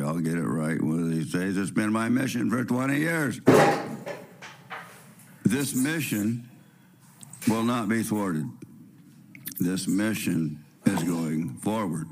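A man hosting a spiritual radio show, with a raspy voice and the sniffles from a cold. He talks in a preachy, rambling way, firing rhetorical questions and restarting his sentences. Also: on the low side, slow pace, long pauses, very noisy.

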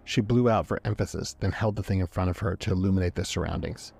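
A man narrating a story aloud in a measured, dramatic reading. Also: deep voice, gravelly, darkish tone, breathy edge. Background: faint background music.

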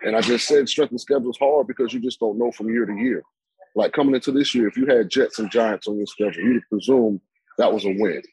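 A man's voice: medium pitch, fast talker, a little mellow, breathy edge, poor audio. A man giving opinionated football analysis on a sports talk show, rambling with many fillers and restarts.

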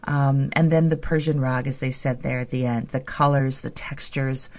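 A woman co-hosting a spiritual podcast, talking in a gentle, flowing, reassuring way. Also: very deep voice, fairly even intonation, moderate pace. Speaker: podcast co-host. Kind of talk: casual spiritual chat.

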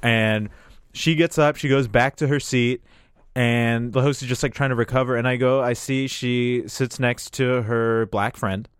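Rambling comedian telling a story. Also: male voice, mid-range voice, steady tone, measured pace, clear, resonant tone, no room sound, studio quality. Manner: rambling, frequent restarts and fillers, swearing. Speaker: stand-up comedian. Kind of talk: casual podcast storytelling.

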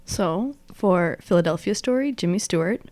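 A woman's voice: fairly low pitch, animated, moderate pace, darkish tone, dry recording. Playful woman reading trivia questions. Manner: playful, drops into whispers. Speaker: quizmaster.

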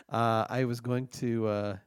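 A man hosting a comedy podcast, talking casually with a dry, halting delivery. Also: medium pitch, clear, resonant tone, dry recording. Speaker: podcast host. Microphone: studio mic.

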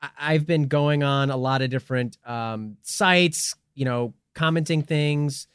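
A man hosting a comedy podcast, rambling deadpan with lots of fillers. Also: a little high, a little slow, clean tone, no room sound, clean studio sound. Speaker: podcast host. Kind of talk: casual comedic chat.

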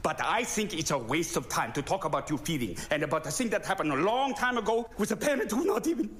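A man's voice: sits high, very animated, quick pace, fairly bright tone. An actor playing a stubborn, proud immigrant father with a Korean accent, speaking blunt, broken English in a sitcom. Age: older. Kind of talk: sitcom acting.

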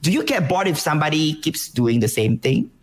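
Lively Malaysian woman streamer. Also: deep voice, fairly quick. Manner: animated, lively delivery with frequent restarts. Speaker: Twitch streamer, guest. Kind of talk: casual interview chat.

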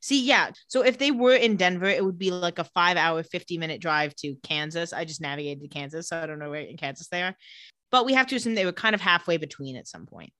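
A woman's voice: fairly low pitch, dry recording, studio quality. A woman co-hosting a casual podcast, retelling a TV episode and acting out the characters' lines. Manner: lively storytelling, acting out lines in quick voices. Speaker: podcast co-host recapping a TV episode. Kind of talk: casual chat.

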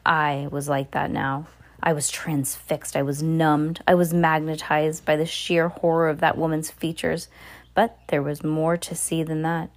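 A woman's voice: sits low, level tone, unhurried. A woman reading a children's novel aloud in a casual, unpolished way, often stumbling and restarting words, with an occasional aside to someone listening. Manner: asides to a listener beside her. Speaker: reader.

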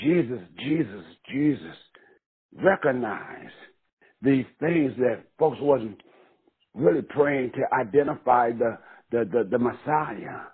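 Impassioned preacher on a tinny line. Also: male voice, mid-range voice, lively intonation, slow, breathy edge. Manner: impassioned, rising to cries and chanted repetition. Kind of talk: sermon. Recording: tinny phone-line sound.

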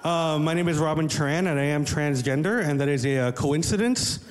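A woman performing a deadpan, self-deprecating stand-up set on a comedy stage, speaking into a handheld mic before a live audience. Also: deep voice, moderate pace, loud music behind the voice. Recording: live club with crowd and noise.

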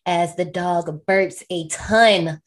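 A woman's voice: fairly low pitch, steady tone, slow pace. A woman co-hosting a podcast, recapping a horror film in a casual, slangy way and laughing often. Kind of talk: casual chat.

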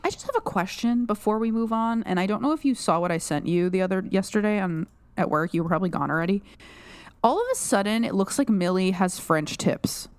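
A woman's voice: medium pitch, expressive, brisk, clear, resonant tone, no room sound. A young adult woman co-hosting a casual podcast, picking apart a show in rambling, analytical talk full of restarts and "like". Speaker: podcast co-host.

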